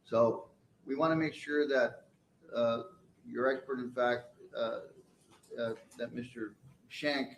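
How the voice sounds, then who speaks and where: A man presiding over a trial, speaking sternly in halting, rambling sentences. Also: medium pitch, steady tone, slight background noise. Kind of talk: courtroom remarks. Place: courtroom. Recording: echoey room from far off.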